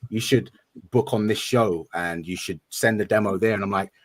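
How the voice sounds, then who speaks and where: Guest, man, slightly low pitch, loose rambling earnest delivery. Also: normal speed, no echo. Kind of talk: casual chat on a live stream show.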